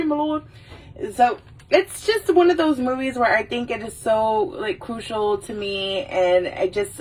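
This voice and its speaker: Tipsy husky woman rambling casually. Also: on the low side, darkish tone, distant mic, poor audio. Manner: rambling, swears a lot, does quick silly movie voices. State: a little drunk. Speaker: vlogger.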